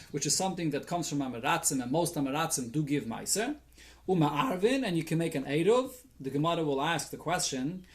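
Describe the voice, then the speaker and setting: A man with a notably high-pitched voice giving a Talmud lesson. He reads the original text aloud and translates it line by line into English with Yiddish and Hebrew terms, pausing to think aloud as he teaches. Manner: thinks aloud, with restarts and fillers. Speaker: rabbi teaching daily Talmud.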